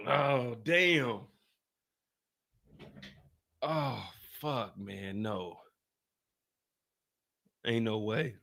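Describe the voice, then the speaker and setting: A young adult man on a live stream, his voice bright and cutting, breaking into incredulous laughter over the news. He talks in unhurried, loose slang, and between outbursts he reads updates aloud plainly. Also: mid-range voice, creaky. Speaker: streamer reacting to trial news.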